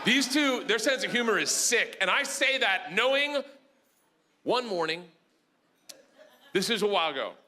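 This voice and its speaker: A middle-aged man doing a stand-up comedy set, telling stories loudly with shouted punchlines. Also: high voice, normal speed, pauses often. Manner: loud, animated storytelling with shouted punchlines. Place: comedy club stage. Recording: noisy live club recording. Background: audience laughter.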